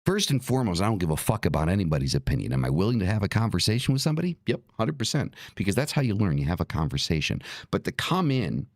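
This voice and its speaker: A man's voice: sits low, sing-song, fast talker, hardly any pauses, dry recording, clean studio sound. A middle-aged man hosting a talk show, speaking bluntly and profanely in a heated, repetitive rant. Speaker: podcast host.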